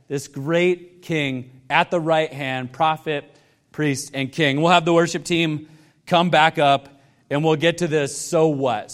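High-voiced earnest male pastor preaching. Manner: earnest, building emphasis with repeated questions. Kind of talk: sermon.

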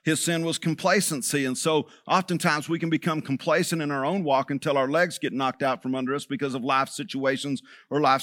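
A man's voice: a little high, a bit bright, no echo, clean studio sound. A man preaching a sermon as pastor, talking conversationally and checking in with the congregation.

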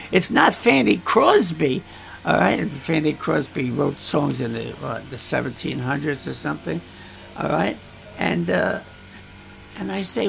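A man's voice: on the high side, big pitch swings, unhurried, creaky, a little hiss or hum. A male pastor talking frankly about his church, bluntly, acting out the voices of people he quotes. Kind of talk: casual talk about church life. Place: church in the Philippines.

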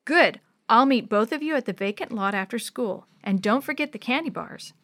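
Brief: woman playing an eager, curious boy, storybook voice, high and dry. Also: lively intonation, moderate pace, a bit bright, no room sound.

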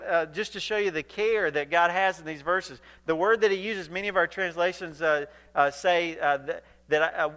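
A male pastor preaching a sermon, animated and emphatic, acting out scripture as he paraphrases it. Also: high voice, moderate pace.

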